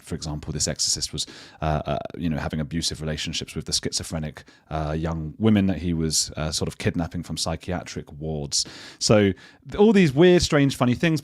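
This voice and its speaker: A British man with a low voice talks casually as an interview guest. He is chatty and self-deprecating, often restarting his sentences. The sound is dry and close. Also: darkish tone, dry recording. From United Kingdom. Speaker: guest, journalist and podcaster.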